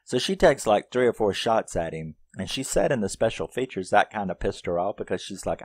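A man with a very low voice reviews a horror film in loose, profane, animated storytelling. He walks through the plot scene by scene. The recording is dry and close, with no room echo. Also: brisk, few pauses.

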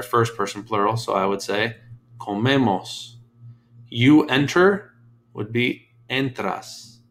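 A man's voice: mid-range voice, gravelly, fairly bright tone. A man teaching a Spanish lesson, patiently calling out English prompts and then the answers. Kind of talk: slow deliberate classroom drill.

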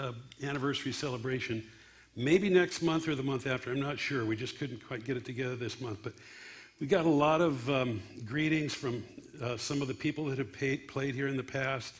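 A man's voice: medium pitch, fairly quick. A man hosting a comedy night, making loose, rambling announcements to the audience. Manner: loose, rambling, with fillers and restarts. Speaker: event host. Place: church comedy venue on stage.

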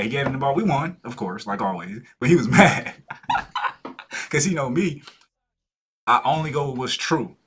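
A man's voice: mid-range voice, fairly bright tone, slightly rough. A young man hosting a reaction video, chatting in a laid-back way and laughing often. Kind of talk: casual reaction commentary.

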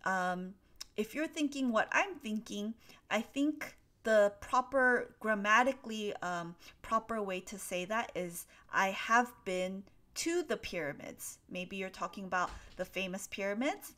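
An unhurried woman with a mid-range voice that sounds pushed and bright answers questions from viewers of her live stream. She teaches English, reads the questions from the laptop on her desk, and explains patiently, filling her speech with many fillers.

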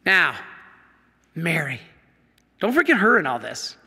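High, gravelly priest teaching. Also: male voice, unhurried. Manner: animated, rhetorical questions to the audience. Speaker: Catholic priest. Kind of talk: teaching talk with slides. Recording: long hall reverb.

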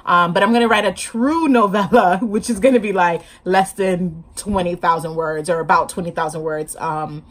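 A woman's voice: fairly low pitch, normal speed, hardly any pauses. A woman vlogging casually to camera about her writing, hyper and chatty, laughing often, talking with her hands, a bit sleep-deprived.

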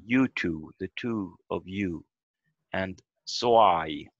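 A man leads a beginner language lesson over a video call, methodical and patient as he sounds words out syllable by syllable. His voice is low and gravelly and his delivery is slow. The audio is dull and lo-fi, with a close, dry sound. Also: a bit bright, no echo. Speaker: language teacher.

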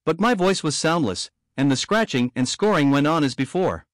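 A man reading a devotional story aloud in measured, earnest first person. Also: a little high, animated, no echo, clean studio sound. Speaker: audiobook reader.

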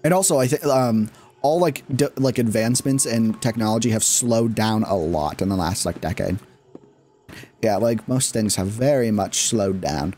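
A man's voice: lowish voice, normal speed, warm tone. A man giving casual, rambling commentary while streaming a game, restarting his sentences and breaking into laughs.

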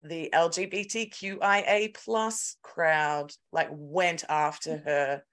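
An Australian woman co-hosting a podcast, telling a story in an animated, sweary, casual way. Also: sits low, slow. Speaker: podcast co-host. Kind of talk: casual chat.

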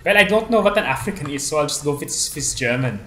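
A man playing a video game with a friend, excitable and swearing, with sudden loud yelps and laughs. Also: on the high side, fast talker. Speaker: gamer co-host. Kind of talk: casual let's-play chat. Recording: roomy echo with faint noise.

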